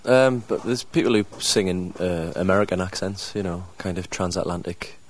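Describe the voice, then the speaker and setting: A man with a Mackem northeast English accent, a band member telling stories in an interview in a halting way. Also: low voice, steady tone. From northeast England. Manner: halting, anecdotal, with fillers. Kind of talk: casual interview chat.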